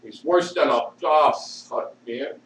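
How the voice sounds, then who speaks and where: A man ranting in a rambling way with constant swearing, swinging between shouting and low muttering, recorded at home. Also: takes it slowly. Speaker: vlogger. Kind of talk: rambling profane rant. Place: at home with a dog. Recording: echoey room, distant mic, faint hiss.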